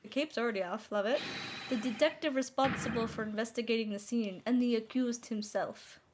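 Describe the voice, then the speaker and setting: A woman's voice: fairly high pitch, brisk, noisy background. A woman giving playful, self-mocking let's play commentary and swearing now and then. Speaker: gaming streamer. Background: game music.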